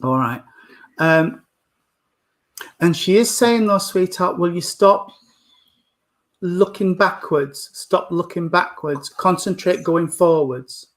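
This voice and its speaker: A man working as a medium, gently giving a live reading and calling the sitter sweetheart and darling. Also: high-pitched, slow pace, pauses often.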